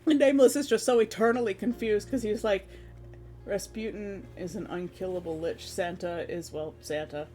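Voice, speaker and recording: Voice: mid-range voice, normal speed, a little hiss or hum. Rambling streamer recapping a game. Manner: rambling, animated storytelling that slips into quoted character voices. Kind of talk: casual chat recapping a tabletop game.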